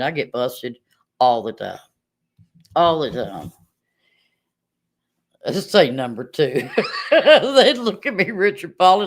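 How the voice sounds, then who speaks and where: Woman, 50s, chatty livestream host; lively pitch, frequent laughter. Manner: laughs often, chatty and rambling. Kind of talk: casual livestream chat.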